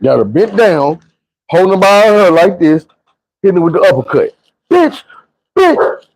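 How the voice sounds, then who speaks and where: A man's voice: sits high, lively intonation, normal speed, a little mellow, low-quality recording. Profane slangy man telling stories. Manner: loose, rambling delivery with restarts. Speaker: storyteller. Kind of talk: casual storytime monologue.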